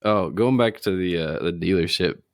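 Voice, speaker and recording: A man's voice: low voice, moderate pace, no echo, clean studio sound. A man co-hosting a casual chat, telling an anecdote and laughing often. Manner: storytelling, laughs often, acts out voices in anecdotes. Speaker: podcast co-host.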